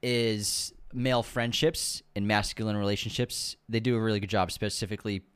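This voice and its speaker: A man with a Boston accent hosting a podcast, relaxed in casual chat and upbeat when reading the show's plugs. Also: fairly low pitch, moderate pace, clean tone. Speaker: podcast host. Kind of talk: casual chat and show sign-off.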